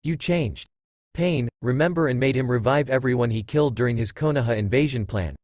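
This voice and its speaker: A man's voice: mid-range voice, fairly quick, a little mellow, no room sound, close to an everyday voice. A man voicing a proud, regal sun goddess and mother who speaks coolly and matter-of-factly. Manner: matter-of-fact, cool.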